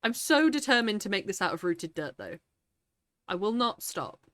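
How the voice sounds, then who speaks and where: A woman chats her way through a live game stream, her voice swinging up and down with lively energy. She sounds sniffly and teary, reads her chat aloud and laughs often. The sound is dry and close. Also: medium pitch, normal speed, no echo. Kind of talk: casual live-stream chat while gaming.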